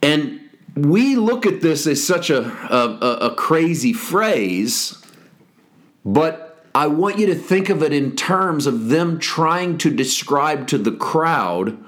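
A man hosting a Bible study podcast, explaining scripture in a wry, explanatory way. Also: mid-range voice. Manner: explanatory, wry, slow and deliberate. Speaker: podcast host teaching scripture.

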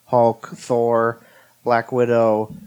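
A man's voice: medium pitch, monotone, very slow, a little mellow, clean tone, highs cut off. A man co-hosting a podcast, chatting eagerly and rambling about games and comics. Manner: enthusiastic, rambling. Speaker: podcast co-host. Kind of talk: casual chat.

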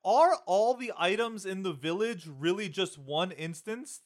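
High-voiced man explaining in casual podcast chat. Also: expressive, measured pace. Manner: explains at length, Spanish speaker. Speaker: podcast co-host.

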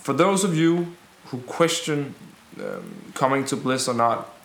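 A man voicing a male rebel leader who calmly addresses frightened townsfolk in a tabletop game, speaking slowly and deliberately. His words come across clearly. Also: medium pitch, reverberant, heavily acted. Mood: earnest, reassuring.

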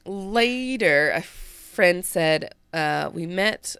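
Woman co-host with a lowish, fry-heavy voice, rambling and self-interrupting as she reads. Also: expressive, moderate pace, a bit bright, no echo, studio quality. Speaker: podcast host. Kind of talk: casual chat, reading an article aloud.

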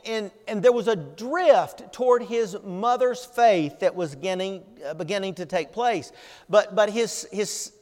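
Earnest older preacher in a reverberant hall. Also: male voice, high voice. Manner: earnest, emphatic preaching with repeated words and pauses. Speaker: pastor. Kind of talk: sermon.

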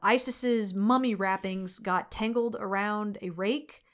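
A woman chatting casually as a podcast co-host, walking through a film's plot. Her voice is smooth and clear at a middle pitch. She swears freely and slips into mock voices when quoting characters. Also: slow. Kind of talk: casual chat recapping a movie.

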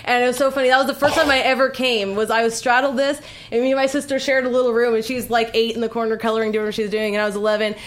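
A woman's voice: a little high, little pitch movement, very fast, hardly any pauses. A young woman, a guest on a talk show, chatting casually with lots of giggles and fillers. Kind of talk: casual chat.

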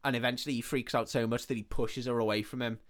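A man co-hosting a podcast, casually retelling a film plot in an animated way and quoting the characters as he goes. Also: mid-range voice, fast. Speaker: podcast co-host. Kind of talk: casual film recap chat.

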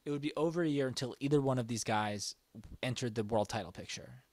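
A man co-hosting a casual wrestling recap podcast, chatty and quick to chime in with agreement. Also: medium pitch, a crowd in the background. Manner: chatty, quick agreeing interjections, laughs often. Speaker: podcast co-host.

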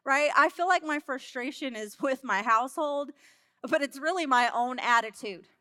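A woman delivers a sermon built on a personal story, candid and self-mocking with laughs along the way. Her voice sits high and rings bright. The sound is close and dry. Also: normal speed, no echo. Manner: laughs between lines. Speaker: church speaker.

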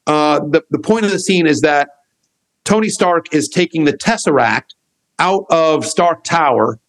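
A middle-aged man, a podcast guest, telling a long anecdote in an animated, rambling way, acting out what others said. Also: on the high side, measured pace, low-quality recording. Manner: animated, acts out quotes of others; rambling with restarts and fillers. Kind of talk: storytelling in a podcast conversation.

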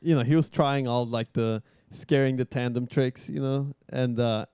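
A man's voice: medium pitch, steady tone, normal speed, mellow, smooth, dry recording, clean studio sound. A young man telling stories in casual podcast chat, laid-back, swearing often, with many fillers. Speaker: guest skydiver.

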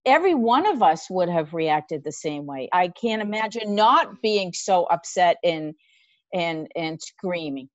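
A woman hosting a podcast, drawing her guest out with gentle, encouraging questions. Her voice sounds dry and close, with a dull, slightly lo-fi tone. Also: lowish voice, expressive, unhurried, dry recording. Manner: sympathetic, encouraging prompts. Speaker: podcast host. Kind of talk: interview.

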